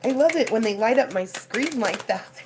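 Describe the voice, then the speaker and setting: A woman's voice: fairly high pitch, animated, normal speed, background noise. A woman hosting a casual livestream tarot reading at home, chatty and effusive, with rain heard behind her. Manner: chatty and effusive, thanks viewers. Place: home with a door open to the rain.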